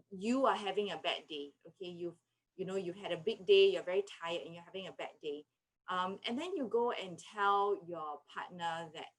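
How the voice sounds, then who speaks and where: A woman, a clinical psychologist explaining parenting tips in a gentle, patient way and acting out what she says to children. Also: medium pitch, low-quality recording. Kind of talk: parenting advice talk.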